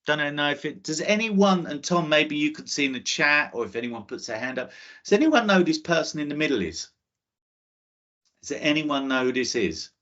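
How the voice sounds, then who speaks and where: A man's voice: fairly high pitch, sing-song, normal speed, a bit bright, highs cut off. A man giving an enthusiastic, chatty online talk to students about space careers, often checking in with "okay?". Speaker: guest speaker on space careers.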